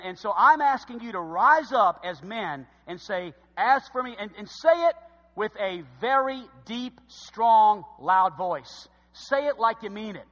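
Fervent high-voiced male pastor preaching. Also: big-room sound. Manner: fervent preaching with swings from loud shouts to low emphasis. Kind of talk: sermon.

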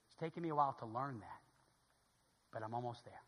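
A man preaching a sermon as pastor, moving from quiet storytelling to loud, fervent calls. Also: medium pitch, brisk, long pauses, big-room sound.

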